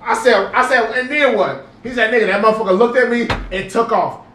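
A young man, telling a story to friends in a casual, animated way, swearing and repeating himself for emphasis. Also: very high-pitched, fairly quick, far from the mic. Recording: echoey room, from off the mic, faint noise.

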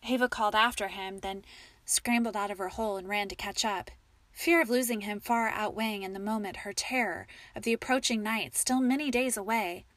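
A woman narrating a story in a calm, measured storytelling manner. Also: medium pitch, no echo. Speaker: audiobook narrator.

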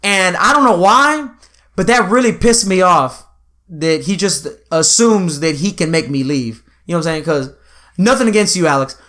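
Animated young man telling a story. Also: high voice, normal speed. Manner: animated storytelling with profanity and slang. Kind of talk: casual chat.

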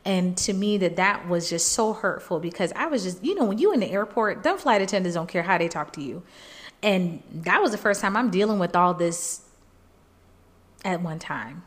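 Woman podcast host, personal storyteller, slightly low voice, earnest and animated. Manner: emotional, animated retelling, jumps high when quoting people; faith-filled, earnest.

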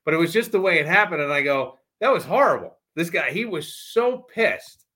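A man and former radio host telling stories in casual chat, animated and acting out voices. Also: a little high, moderate pace. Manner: animated storyteller who acts out voices.

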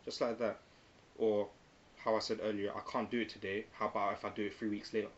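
A young man chatting at a fast clip, full of slang and playful acted-out quotes. The recording is a little dull, with a faint hiss underneath. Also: fairly low pitch. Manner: quick and animated, slangy, breaks into put-on quotes. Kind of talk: casual banter.

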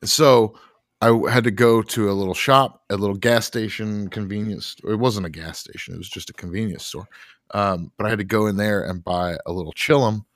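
A man's voice: fairly low pitch, steady tone, a little fast, no room sound, clean studio sound. A man co-hosting a podcast, telling a rambling story in a laid-back, casual way with casual swearing. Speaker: podcast co-host.

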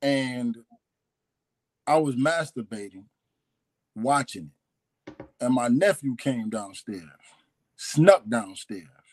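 A man's voice: mid-range voice, animated, takes it slowly, long pauses, no room sound. A man telling his own life story as a guest, candid and hesitant. He often repeats lines and restarts. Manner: confessional, hesitant, repeats himself. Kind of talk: candid personal testimony.

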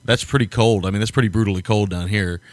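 A man's voice: fairly low pitch, fast talker, no echo. A man from the United States co-hosting a film podcast, rambling casually, laughing often and swearing now and then. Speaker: podcast co-host. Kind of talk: casual film review chat.

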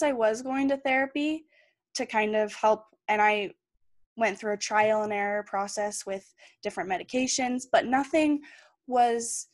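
A woman's voice: medium pitch, no room sound. Young woman guest on a podcast, earnest and open, dry close sound. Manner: earnest, candid storytelling. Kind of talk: personal story in a podcast interview.

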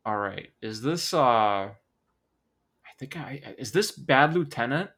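A man co-hosting a casual podcast, guessing movie quotes in a relaxed way. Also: medium pitch, takes it slowly. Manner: laid-back, laughs often, swears casually. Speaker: podcast co-host.

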